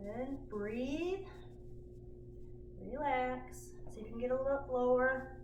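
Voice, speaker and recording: A woman's voice: high voice, takes it slowly, a little mellow, dull audio. A middle-aged woman leading a kids' exercise class, encouraging and counting reps aloud. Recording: roomy, distant, faint noise.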